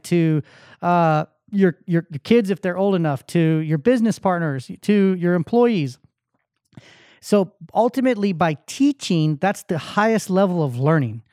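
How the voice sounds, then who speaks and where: A middle-aged man hosting a podcast, giving a motivational talk that swings from hyped shouts to quiet, emotional tones. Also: fairly high pitch, no echo, clean studio sound. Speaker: podcast host.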